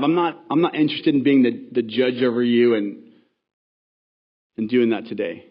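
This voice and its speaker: A male pastor delivers a sermon in a loose, conversational way, breaking off into asides and restarting phrases. His voice sits at an ordinary middle pitch, and the recording sounds a little dull and muffled. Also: fairly even intonation, normal speed. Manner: conversational, self-correcting with asides.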